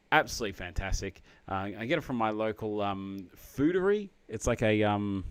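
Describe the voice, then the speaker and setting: A man's voice: lowish voice, clear, resonant tone, dry recording. Chatty Australian man on a live stream. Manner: chatty and excitable, with many fillers. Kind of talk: casual live stream chat.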